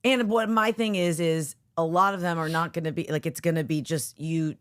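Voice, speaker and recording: A woman's voice: low-pitched, moderate pace, clean tone, no room sound, studio quality. A woman co-hosting a podcast, joking and reacting in casual chat. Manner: animated, joking. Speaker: podcast co-host.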